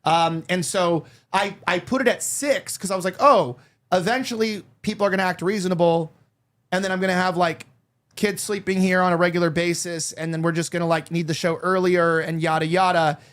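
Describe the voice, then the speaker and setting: A man's voice: sits high, steady tone, a little fast, a bit bright. A man in his thirties hosting a talk show, chatting candidly and rambling with lots of fillers and restarts. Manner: candid, confiding tone. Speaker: show host. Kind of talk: casual chat.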